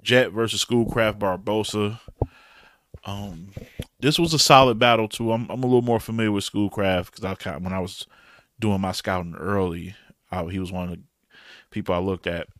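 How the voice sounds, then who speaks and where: A man's voice: fairly low pitch, fairly even intonation, normal speed, a bit bright, no echo, clean studio sound. A middle-aged man with a Detroit accent, casually recapping battle rap events in a loose, rambling, slangy way. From Detroit, USA.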